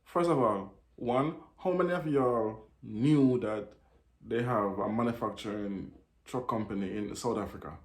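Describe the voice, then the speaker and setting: Fast-talking man in a roomy echo. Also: mid-range voice. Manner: fast, restarts often. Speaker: video host. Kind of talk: casual commentary on a video. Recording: echoey room.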